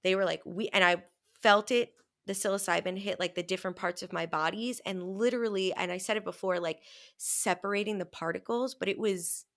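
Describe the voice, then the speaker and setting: A woman co-hosts a podcast in casual chat, telling stories with plenty of energy, acting out her own quotes and swearing freely. Her mid-range voice is brisk and fairly bright.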